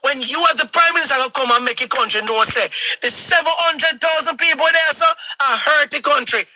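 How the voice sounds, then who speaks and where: A man's voice: very high-pitched, brisk, bright, forceful tone, no echo, poor audio. A man with a Jamaican accent giving impassioned political commentary as a stream host, switching between patois and standard English. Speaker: host of a live talk stream.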